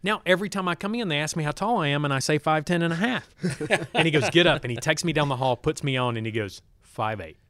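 Brief male guest, lively storyteller, acts out dialogue, dry close studio mic. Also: on the high side, quick pace, no room sound. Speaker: podcast guest, former fighter pilot. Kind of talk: storytelling interview.

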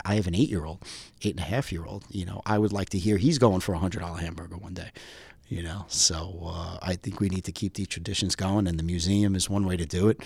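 A middle-aged man chats casually as an interview guest. His voice sits low, he rambles with many fillers, and the sound is dry and close. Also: gravelly, husky, no room sound. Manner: rambling, heavy on "you know" fillers. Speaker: pilot guest.

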